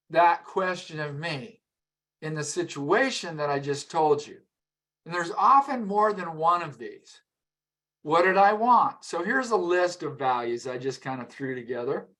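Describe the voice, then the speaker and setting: A middle-aged man with a fairly high voice leads a live masterclass. He talks conversationally, often repeats words as he goes, and turns to the audience with questions. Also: pushed and bright. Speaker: emotional intelligence trainer.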